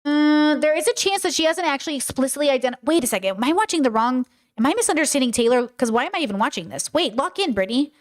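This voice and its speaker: A woman's voice: high voice, animated, fast talker. A woman streamer reacting to a clip, talking casually in a heated, swearing, rhetorical way. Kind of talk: casual live-stream commentary.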